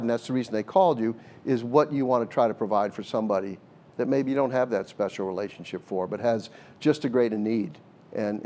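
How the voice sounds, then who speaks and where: An older man speaks in a steady, mid-pitched voice as a guest in a conversational interview. He tells stories earnestly, often restarting phrases as he thinks, with an occasional laugh. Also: slight background noise. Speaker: former hostage negotiator, guest.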